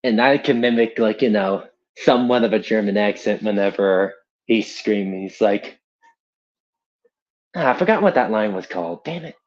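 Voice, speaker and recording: A man's voice: fairly low pitch, lively intonation, moderate pace. A young man on a casual live stream, an amateur voice actor who talks in a rambling, self-deprecating way. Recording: dull lo-fi streaming audio.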